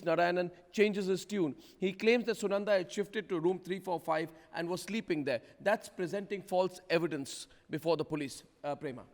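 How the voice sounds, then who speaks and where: Forceful high-voiced male news anchor. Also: big-room sound. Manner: forceful, rapid-fire rhetorical questions. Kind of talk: heated TV news debate.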